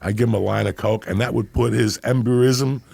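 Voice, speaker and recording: Gravelly-voiced man telling a profane story. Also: mid-range voice, steady tone, fairly quick, dark tone, no room sound. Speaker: podcast guest. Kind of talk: storytelling on a podcast.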